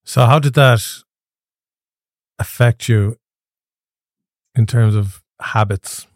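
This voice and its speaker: A man hosting a podcast interview, asking calm, brief questions. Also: medium pitch, takes it slowly, no room sound, clean studio sound. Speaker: podcast host.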